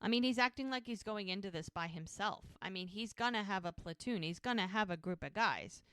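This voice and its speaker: A woman's voice: medium pitch, lively intonation, brisk, a bit bright, clean tone, no room sound, clean studio sound. A woman podcast co-host chatting casually, recapping TV scenes and retelling the characters' dialogue in detail. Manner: retells dialogue in detail, acting out the lines in quotes.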